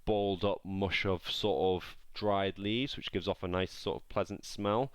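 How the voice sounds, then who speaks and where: A man's voice: low voice, fairly even intonation, measured pace, clean tone, no echo, poor audio. A man narrating a tabletop game as game master, describing scenes in a rambling way with many fillers.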